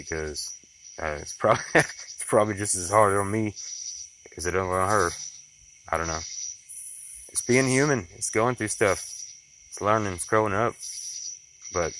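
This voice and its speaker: A man's voice: low voice, background noise. A young man, rambling and reflective in a casual daily video diary about being a father. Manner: rambling, reflective, with many fillers and restarts. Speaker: vlogger, father.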